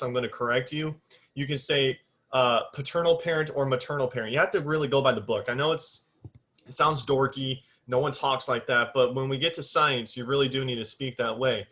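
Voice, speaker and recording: A man's voice: medium pitch, fairly quick, bright, forceful tone. A male biology teacher giving a recorded classroom lecture while drawing on a board. He talks to students in an informal, direct way, sets firm rules on exact terms and counts aloud as he draws.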